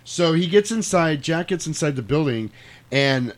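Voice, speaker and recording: A man's voice: a little high, moderate pace. Man animatedly retelling a movie. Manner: animated, profane, laughs while telling. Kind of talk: casual chat retelling a movie.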